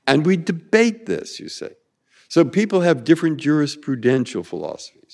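A man's voice: mid-range voice, big pitch swings, moderate pace, creaky, a little mellow, in a large hall. A man in his eighties from San Francisco, answering interview questions in a discursive way, repeating words and circling back with asides. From San Francisco, USA. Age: 80s. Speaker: Supreme Court justice, guest.

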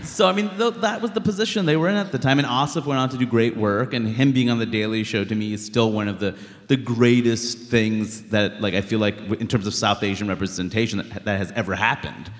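A stand-up comedian from Queens, talking in an interview in an animated, emphatic way. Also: fairly low pitch, a little fast, in a large hall. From Queens, New York. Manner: animated, emphatic, blunt, many "like" fillers. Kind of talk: conversational interview.

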